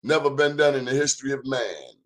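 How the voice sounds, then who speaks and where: A man's voice: medium pitch, animated, a little fast, fairly bright tone. A man hosting his own talk show, giving an emphatic, preachy monologue in a folksy, plain-spoken way. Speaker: show host.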